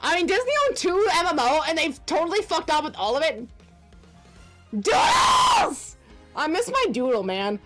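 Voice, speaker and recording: Ranting woman streamer in her forties, high voice. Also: brisk, few pauses, faint music behind. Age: 40s. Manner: ranting, profane, animated outbursts. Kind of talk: casual gaming stream chat.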